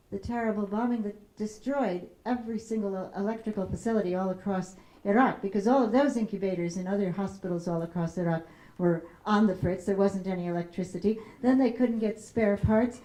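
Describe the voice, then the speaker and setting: A middle-aged woman from Chicago giving a public talk as a peace activist. She tells stories in a measured way and slows down to stress key phrases. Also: medium pitch, dark tone. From Chicago, USA. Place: lecture room. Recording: roomy hall echo.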